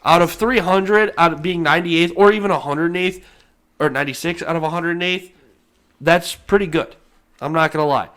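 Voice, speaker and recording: A man's voice: a little high, brisk, a bit bright. A young man co-hosting a podcast, chatting casually and swearing about games. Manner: casual, swearing, self-deprecating. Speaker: podcast co-host. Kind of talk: casual chat.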